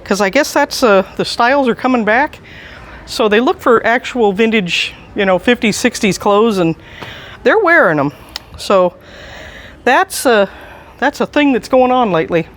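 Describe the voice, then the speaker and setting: A staff member with a mid-range, fairly bright voice and lively intonation gives a casual walking tour inside a large antiques mall, speaking at normal speed. Chatty and enthusiastic, they chuckle often, recorded on a handheld camera as they walk.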